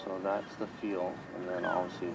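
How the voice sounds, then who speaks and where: A low, gravelly man gives brisk, encouraging swing tips outdoors. He is caught from a distance, with loud outdoor noise all around. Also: flat delivery. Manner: encouraging, quick instruction. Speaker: golf coach. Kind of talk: on-course instruction.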